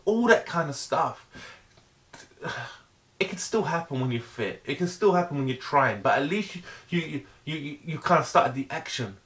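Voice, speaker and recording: A man's voice: a little high, expressive, pushed and bright. A middle-aged man giving an earnest, emphatic motivational monologue, repeating himself for emphasis and stumbling into restarts. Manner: earnest, emphatic, heavily repetitive; halting restarts. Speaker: vlogger.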